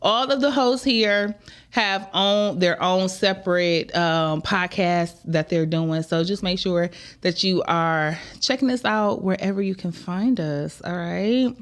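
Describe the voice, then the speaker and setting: A woman hosting a live podcast, talking in a chatty, drawn-out, conversational way. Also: on the low side. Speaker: podcast host. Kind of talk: casual live-show chat.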